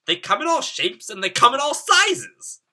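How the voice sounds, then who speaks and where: A man voicing a grand, amused king in a storybook, with a booming, jovial delivery that climbs high. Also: very animated, normal speed, pushed and bright, heavily acted. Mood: proclaiming.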